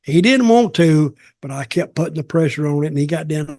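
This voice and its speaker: A man's voice: fairly high pitch, a little fast, few pauses, darkish tone, no room sound, clean studio sound. An older man hosting a podcast, telling a casual story in a rambling, blunt and profane way.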